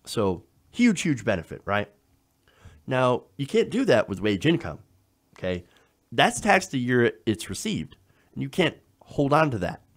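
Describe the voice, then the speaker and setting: A man hosting a political commentary show, explaining in an emphatic style and often checking in with the listener. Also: mid-range voice. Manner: emphatic, explanatory, frequent "now" and "okay?" checks.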